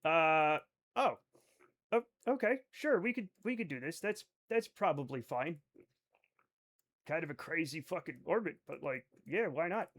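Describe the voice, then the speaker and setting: Young male streamer with a high, sharp voice who is chatty and profane and riffs on chat. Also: animated, a little slow. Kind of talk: casual live-stream chat while gaming.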